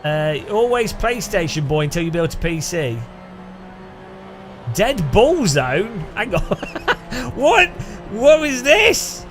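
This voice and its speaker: A man's voice: on the high side, big pitch swings, slow, pauses often, over music. A man from England chatting casually with his live-stream audience, laughing often and greeting viewers by name. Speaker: game streamer.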